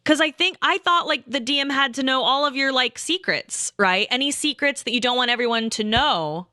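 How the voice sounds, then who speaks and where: A woman's voice: high voice, normal speed, pushed and bright, no echo, studio quality. A woman streamer telling a casual, rambling story, full of asides and swearing. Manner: rambling, profane, with lots of asides.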